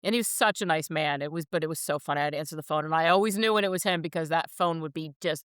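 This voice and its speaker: A woman in her fifties with a slight New Jersey accent, co-hosting a podcast in casual chat, blunt and quick to swear and laugh. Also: low-pitched, fairly bright tone, clear, resonant tone, dry recording, clean studio sound. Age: 50s. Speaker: podcast co-host.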